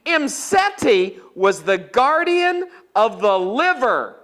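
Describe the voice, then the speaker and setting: A woman leading a library story time, talking directly to children in an animated way. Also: on the high side, unhurried.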